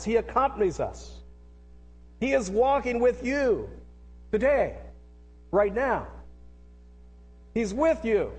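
In a sermon, a middle-aged male pastor with a high, slightly rough voice for a man repeats himself earnestly and leads the congregation in call-and-response. Long reverb from a large hall follows each phrase.

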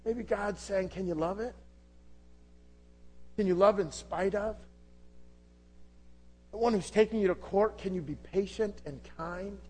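High-voiced man preaching a sermon. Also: a little slow, pauses often. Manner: impassioned, rhetorical questions, swings from loud to hushed. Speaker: pastor.

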